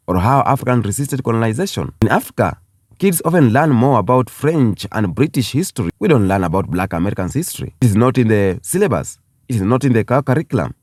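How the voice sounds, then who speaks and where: A man's voice: medium pitch, a little mellow, dry recording, clean studio sound. A man from Kenya, giving an impassioned video commentary and repeating phrases for emphasis. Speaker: YouTube commentator.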